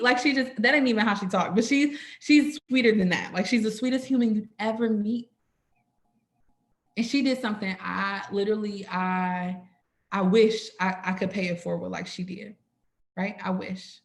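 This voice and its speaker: A young woman telling a personal story to an audience at a sorority orientation, expressive, often stopping to ask "right?" and calling the listeners "y'all.". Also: medium pitch, normal speed. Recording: echoey room.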